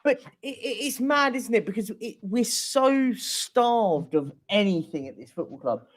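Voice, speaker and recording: A man's voice: high-pitched, lively intonation, unhurried. A man on a casual live-stream panel, talking in a rambling, conversational way full of tag questions.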